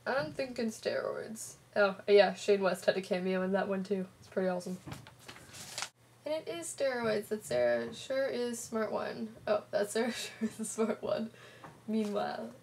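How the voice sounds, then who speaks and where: Teen girl, sarcastic vlog chat, sore throat, gravelly fry. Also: medium pitch, moderate pace, a little mellow, slight background noise. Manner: chatty and sarcastic, lots of "like". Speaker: vlogger. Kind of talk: casual vlog chat, retelling a comic.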